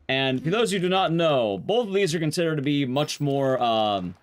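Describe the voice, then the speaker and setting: A man's voice: a little high, animated, moderate pace, hardly any pauses. A man streaming a speedrun, telling a rambling story in casual chat and swearing freely.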